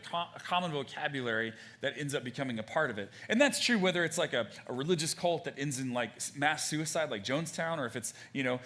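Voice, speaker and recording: A man's voice: mid-range voice, pushed and bright. A man preaching a sermon in church, talking conversationally with many fillers and restarts and acting out quoted phrases. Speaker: pastor. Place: church stage.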